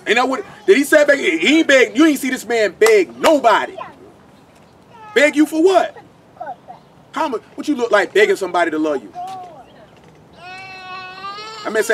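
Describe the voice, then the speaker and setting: Fast, high-voiced blunt male Bible teacher. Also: very animated, a bit bright, a little hiss or hum. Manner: blunt, slangy, fires rhetorical questions. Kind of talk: informal scripture teaching.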